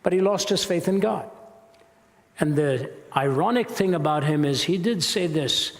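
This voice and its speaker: An older man from India giving an emphatic, deliberate public lecture as a Christian apologist. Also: on the high side, animated. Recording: long reverb of a large hall.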